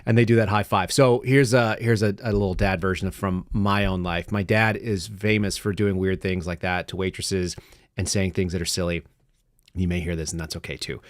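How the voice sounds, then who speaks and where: A man with a fairly low voice hosts a live commentary show from a studio set. He talks in a loose, digressive, chatty way, laughing often and restarting his sentences. The sound is close and dry. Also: fairly even intonation, moderate pace, no room sound. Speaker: podcast host.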